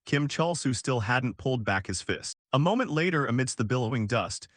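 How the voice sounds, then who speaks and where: Brief: male recap narrator, animated pitch, dry close sound. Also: normal speed, no room sound. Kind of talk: scripted story narration.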